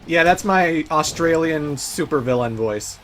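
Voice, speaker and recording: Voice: medium pitch, expressive, a little slow, fairly bright tone. Laid-back let's play host, faint music. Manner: laid-back, chatty, laughs often, swears casually. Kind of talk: casual gameplay commentary.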